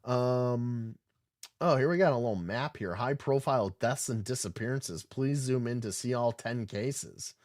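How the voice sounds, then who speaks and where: A man's voice: mid-range voice, unhurried, a little mellow, no room sound, clean studio sound. A man hosting a podcast, reading news articles aloud and riffing on them in an irreverent, swearing, casual way. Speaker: podcast host. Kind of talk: casual livestream commentary.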